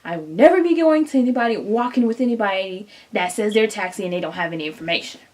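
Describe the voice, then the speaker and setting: A young woman telling a casual storytime vlog straight to her viewers, animated and chatty, acting out what people said. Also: medium pitch, fast talker. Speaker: vlogger.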